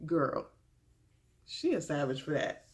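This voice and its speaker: A young woman talking casually to camera as she recaps a dating show. Her voice sits at a middle pitch. She is chatty and quick to laugh, acting out the quotes as she goes. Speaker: vlogger recapping a reality show.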